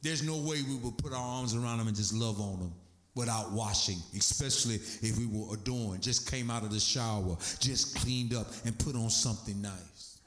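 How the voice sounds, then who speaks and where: A man preaching a sermon, animated, his voice climbing high as he gets excited. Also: moderate pace. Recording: echoey room.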